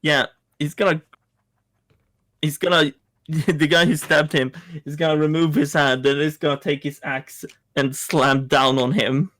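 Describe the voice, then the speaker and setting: A man playing a tabletop game, playful and excitable, often laughing. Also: a little high, a little slow. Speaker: player. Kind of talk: casual tabletop game play.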